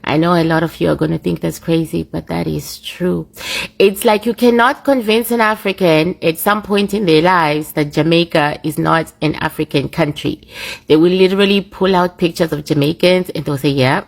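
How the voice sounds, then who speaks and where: A woman's voice: on the low side, moderate pace, gravelly. A woman giving an earnest, emphatic casual monologue.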